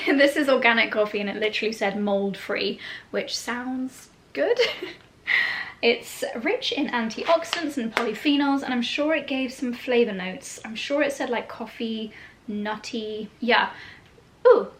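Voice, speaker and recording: A woman's voice: fairly high pitch, moderate pace, fairly bright tone, a little hiss or hum. A woman, chatting casually and playfully as she unboxes parcels for her vlog. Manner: chatty, bubbly and playful, with lots of laughs. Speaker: lifestyle vlogger. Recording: roomy echo.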